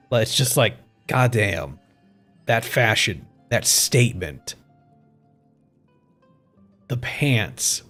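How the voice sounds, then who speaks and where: A man giving casual live-stream commentary as streamer, excitable, swearing freely and chuckling often. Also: on the low side, slightly rough.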